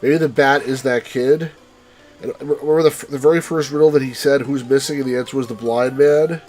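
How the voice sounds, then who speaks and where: A man co-commentating a let's play, musing and speculating in a halting way. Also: mid-range voice, fairly even intonation, darkish tone, soft background music.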